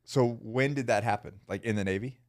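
A man's voice: mid-range voice, a little fast, darkish tone, dry recording, clean studio sound. A man hosting a podcast, talking in a loose, casual way with swearing and "bro.". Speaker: podcast host. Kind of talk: casual interview chat.

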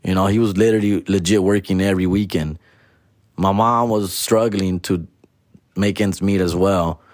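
A man's voice: low-pitched, steady tone, normal speed, no room sound, studio quality. A young man telling a profane, casual story, mixing Spanish and slang.

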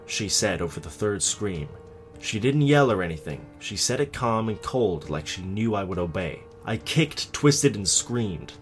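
A man's voice: lowish voice, fairly bright tone. A man giving a scripted horror story reading as narrator.

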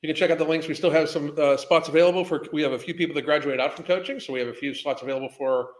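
A man's voice: fairly high pitch, fairly even intonation, very fast. A man hosting a casual livestream as a health coach, rambling, swearing and greeting viewers by name.

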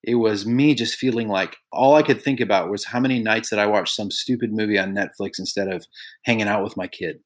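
Telling personal stories as a guest on a podcast, this middle-aged songwriter and author sounds earnest and reflective, speaking a little fast in a lowish voice. Quoting other people brings a burst of energy, after which he returns to a thoughtful, conversational manner.

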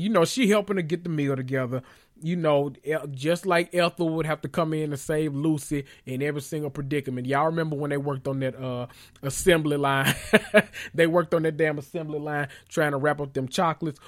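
A man hosting a casual recap, animated and joking, with frequent profanity. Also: on the high side, normal speed. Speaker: podcast host recapping a TV episode. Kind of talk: casual chat.

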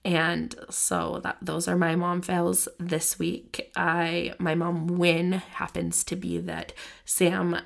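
A woman's voice: fairly low pitch, flat delivery, slow pace, vocal fry. A woman in her thirties hosting a podcast, talking casually and self-deprecatingly, with many restarts. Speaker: podcast host.

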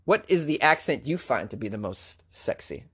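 A man's voice: mid-range voice, sing-song, normal speed, fairly bright tone, husky. A man with a Boston accent, a comedian hosting a comic news show with wry, joking asides. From Boston area.

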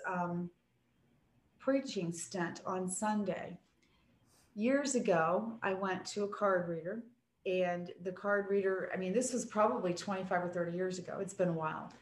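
A woman in her sixties, a preacher, telling stories in a casual chat in an earnest, emphatic way. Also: medium pitch. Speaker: preacher and podcast guest. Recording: roomy echo.

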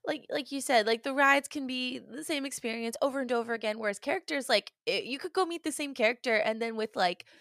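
A woman's voice: high-pitched, fairly quick, few pauses, fairly bright tone, no room sound, studio quality. A woman hosting a podcast in casual chat, gushing and chatty with plenty of fillers. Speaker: podcast host.

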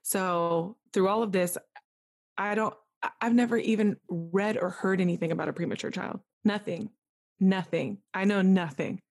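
A woman's voice: medium pitch, moderate pace. A young woman candidly retelling a personal story as a podcast guest, acting out what others said to her. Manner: candid, vivid retelling with quoted dialogue.

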